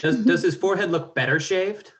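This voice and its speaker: A man playing a tabletop game, talking in hesitant, quick bursts. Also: sits high. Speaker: player. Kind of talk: casual tabletop role-play.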